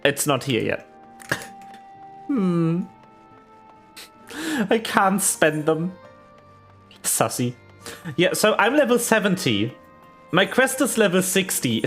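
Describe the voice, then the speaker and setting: A game streamer talking casually over gameplay, unhurried and rambling, with fillers and little laughs. The pitch swings a lot. Faint game music plays underneath. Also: sing-song, fairly bright tone. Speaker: VTuber streamer.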